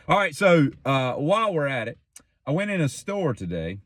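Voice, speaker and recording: A man's voice: mid-range voice, huge pitch swings, a little fast, no room sound. A man hosting his own daily show, telling rambling stories in a casual, joking, self-teasing way that wanders off topic.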